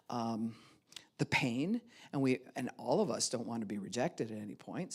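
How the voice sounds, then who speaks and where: A woman pastor giving a sermon who acts out both sides of arguments in sudden high voices and laughs often as she preaches.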